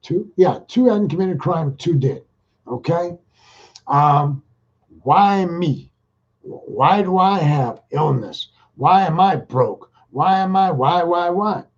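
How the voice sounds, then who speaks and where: A man's voice: on the high side, husky. A man talking in a casual, rambling monologue, folksy and slangy, speaking straight to his listeners. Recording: muffled lo-fi recording.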